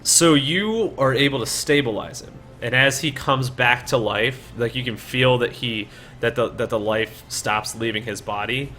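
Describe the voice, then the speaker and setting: A man's voice: medium pitch, unhurried, bright, forceful tone, soft background music. A man narrating as dungeon master, rambling with many fillers and restarts. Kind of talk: narrating a tabletop game.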